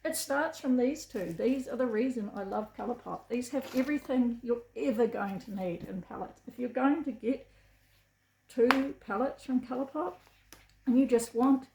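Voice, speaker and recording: A woman's voice: fairly high pitch, moderate pace, mellow, a little hiss or hum. A middle-aged woman with a New Zealand accent, chatting to camera as a beauty vlogger, gushing and enthusiastic. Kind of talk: casual chat to camera. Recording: echoey room.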